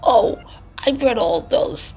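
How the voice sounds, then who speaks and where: A woman voicing an offbeat female librarian from a video game, reading her lines brightly. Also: fairly high pitch, lively intonation, slow, pitched above the performer's own voice, low-quality recording. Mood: chirpy.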